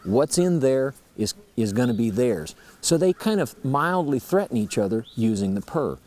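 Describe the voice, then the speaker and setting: A man's voice: mid-range voice, very animated, normal speed, darkish tone. A man teaching turkey calls, explaining each sound step by step in a folksy, plain-spoken way. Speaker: turkey-calling instructor. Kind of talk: instructional explanation.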